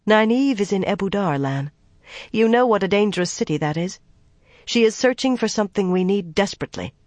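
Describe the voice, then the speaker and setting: Brief: firm young woman in charge, fantasy audiobook, as the narrator voices her; pressing, clear, no room echo. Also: medium pitch, animated, a little fast, a little mellow, pitched above the performer's own voice, close to an everyday voice. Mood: urgent. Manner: firm, urgent.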